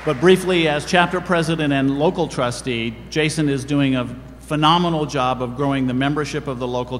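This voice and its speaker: A man presenting awards at a dinner, reading the citations in an earnest, formal manner. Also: mid-range voice. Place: large banquet hall. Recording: reverberant hall with background noise.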